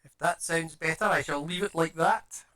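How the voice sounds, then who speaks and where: A man's voice: fairly high pitch, moderate pace, sharp tone. A man chatting casually on a live stream, muttering to himself as he fits small parts together and talking to his viewers. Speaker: live streamer building a model kit. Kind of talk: casual live-stream chat while working. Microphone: streaming mic with adjustable audio settings.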